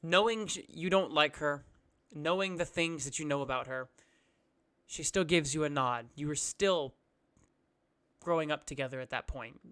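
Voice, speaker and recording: Bright, clear-voiced male game master. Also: a little high, normal speed. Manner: descriptive narration with restarts. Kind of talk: narrating a tabletop game.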